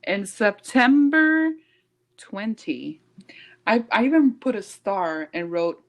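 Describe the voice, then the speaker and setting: A woman co-hosting a podcast in casual chat, animated and laughing often, slipping in Spanish phrases. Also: medium pitch, takes it slowly. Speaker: podcast co-host.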